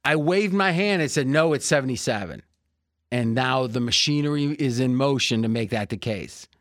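A man hosting a sports betting podcast in a joking, salesy way, pitching deals to his listeners. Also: expressive, normal speed, a bit bright, no room sound, studio quality. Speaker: podcast host.

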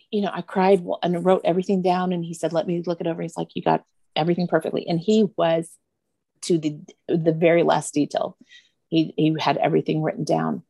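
Middle-aged woman guest, earnest and emotional, halting storytelling, with a dark and gravelly voice. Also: lowish voice, dry recording. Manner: earnest, emotional, pauses and restarts. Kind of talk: personal storytelling.

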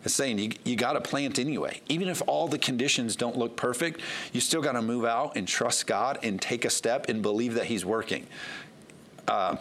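A man's voice: mid-range voice, normal speed, fairly bright tone, slight background noise. A pastor preaching a sermon to his congregation in an earnest, conversational way, reading scripture aloud as he goes.

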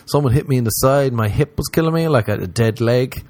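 A man's voice: mid-range voice, fast talker, a little mellow, no room sound. A young Irish man, a comedian hosting a podcast, rambling animatedly from one tangent to the next and swearing freely. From Ireland. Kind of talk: casual rambling monologue.

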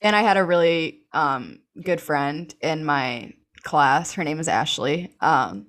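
Chatty young woman, low voice. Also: lively intonation, slow pace, a bit bright. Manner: chatty, full of "like" and "um", laughs often. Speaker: interview guest. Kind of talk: casual personal storytelling.

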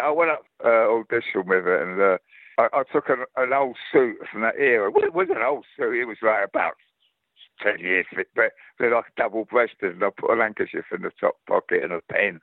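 With a fairly low pitch and a brisk delivery, this older London man speaks in a Cockney accent as a guest actor spinning rambling anecdotes during a casual chat. He's a lively storyteller who keeps restarting his sentences. There's no room sound, and the audio comes across narrow and tinny.

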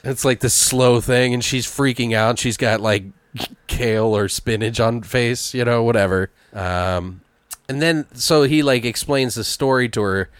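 A man in casual chat, brainstorming a story with a friend, talking in an animated, profane way and acting out the characters. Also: medium pitch, a little slow, clean tone, no echo.

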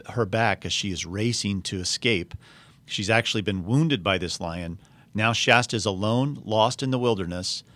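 A man's voice: fairly low pitch, fairly bright tone. A man retelling a story and reading passages aloud, with hesitant phrasing. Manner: hesitant, with fillers and restarts. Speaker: speaker retelling a novel.

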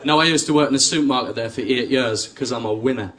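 A man's voice: mid-range voice, fast, fairly bright tone. A young man from Sunderland with a Mackem accent, doing a chatty, self-deprecating stand-up set and working the crowd. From Sunderland, North East England. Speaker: stand-up comedian. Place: comedy club stage with live audience. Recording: live club recording, audience laughter, room noise.

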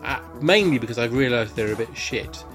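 A man's voice: medium pitch, animated, fairly quick, music in the background. A man chatting as a podcast guest, enthusiastic and rambling, with lots of fillers and restarts. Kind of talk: casual chat.

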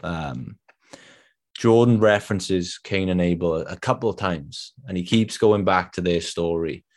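A man's voice: low-pitched, a little slow. A man hosting an interview, reacting with enthusiastic appreciation and asking casual questions, often with "um" and restarts. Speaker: podcast host.

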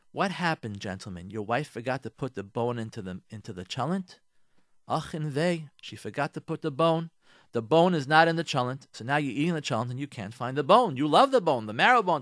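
A rabbi giving marriage advice on the radio, animated and acting out spouses in mock voices. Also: male voice, a little high, no room sound, clean studio sound. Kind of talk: radio talk, advice monologue.

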